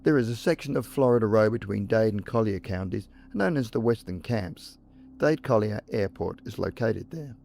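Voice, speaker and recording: A low-voiced man reads spooky first-person stories in a measured way. He lets short pauses hang before the eerie moments of each tale. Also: animated, creaky, darkish tone, slight background noise. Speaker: narrator. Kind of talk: scripted ghost story narration.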